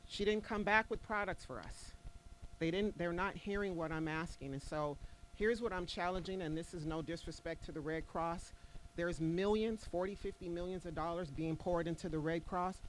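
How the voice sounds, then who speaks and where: A woman's voice: on the low side, moderate pace, slight background noise. A woman making an impassioned, pleading public comment at a town hall in a community center. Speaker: displaced resident speaking at a town hall. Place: community center meeting room.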